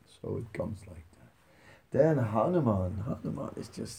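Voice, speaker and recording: A man who works as a spiritual teacher gives a soft-spoken, conversational devotional talk and tells stories, with frequent fillers. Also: fairly low pitch, lively intonation, measured pace, gravelly.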